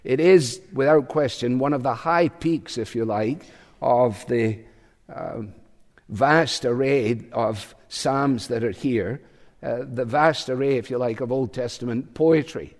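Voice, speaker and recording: A male preacher delivering a sermon in a slow, deliberate way, pausing often to reflect. His voice sits at an ordinary pitch for a man, and it carries a long reverb from a large hall.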